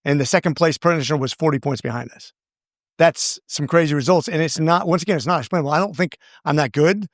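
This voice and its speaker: A man's voice: on the high side, quick pace, no room sound. Earnest rambling man guest, dry sound. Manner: earnest, rambling, with many restarts. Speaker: congressman guest. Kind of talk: casual interview storytelling.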